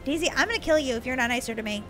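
Whiny high-voiced woman co-player. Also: lively intonation, rapid-fire. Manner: whiny, scolding, dramatic. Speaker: co-player, sister. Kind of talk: playful let's-play chatter. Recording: game music underneath.

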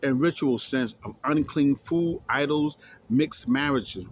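A scripture teacher reads aloud from scripture and explains it with emphasis, repeating key words and challenging his listeners. His voice is medium-pitched and a little slow, with slight background noise.

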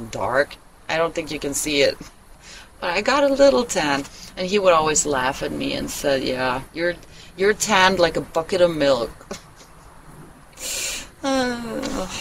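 A vlogger sits on a wooden bench in an outdoor meadow, rambling through a casual personal chat, talking candidly, swearing freely and laughing often. The voice is mid-range with vocal fry and a slightly bright tone. Recorded on a handheld phone, the audio is poor with slight background noise.

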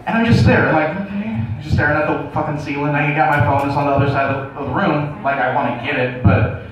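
A man on stage telling a crude, self-mocking story as a stand-up comedian, his voice sitting a touch high. He sounds far from the microphone, and the room rings with heavy echo. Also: steady tone, fast, a crowd in the background. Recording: echoey room, distant dull mic.

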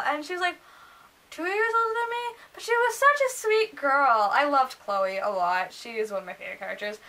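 High, bright teenage girl vlogger, an excitable fangirl doing a casual book review. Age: teens. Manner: gushing, excitable, often acts out the characters in squeals.

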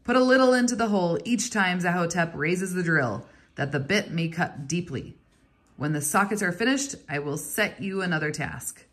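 A woman reading aloud, voicing an impatient, scornful male foreman who snaps curt orders in a storybook, her voice low and slightly husky. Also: expressive, normal speed, a bit bright. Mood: commanding.

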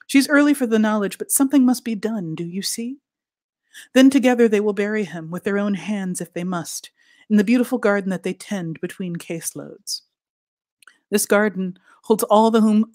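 A woman reading her fiction aloud in a deliberate, expressive way, sinking to soft near-whispers for emphasis. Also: medium pitch, no echo, studio quality. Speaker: author reading at a literary event.

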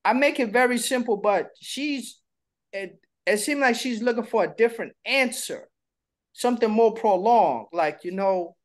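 In casual co-host chatter, a middle-aged man shares stories candidly and playfully, sprinkling in small impressions. His voice is high, and his speed is normal.

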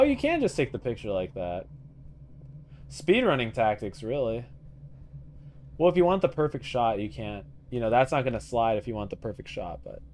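Excitable, swearing man playing a game. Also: medium pitch, a little hiss or hum. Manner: excitable, profane, joking, talks to viewers. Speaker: gaming channel host. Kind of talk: casual let's-play commentary.

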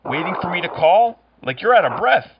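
A man making prank phone calls, delivering cheesy pick-up lines in a deadpan way. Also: sits high, brisk, highs cut off, background noise. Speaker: prank caller.

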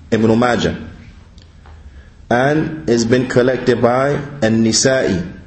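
A man interpreting a religious lecture, speaking deliberately and repeating each point. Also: medium pitch, reverberant, poor audio.

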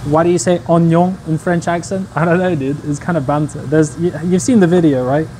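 A man's voice: a little high, steady tone, a little fast, mellow, a little hiss or hum, low-quality recording. A young man casually chatting to his viewers while he cooks on a livestream, in a laid-back, slangy way. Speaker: streamer. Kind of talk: casual cooking livestream chat.

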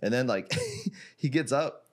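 A man from Iraq, a jiu-jitsu gym owner, telling a story as a podcast guest in casual, animated talk, laughing often and leaning on "like" and swearing. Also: mid-range voice, measured pace.

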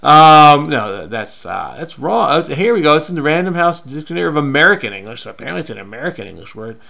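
A man's voice: a little high, sing-song, fast talker, gravelly, pushed and bright. A man hosting a crossword-solving video, talking frenetically and muttering to himself as he searches. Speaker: crossword solver. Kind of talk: casual puzzle-solving commentary.

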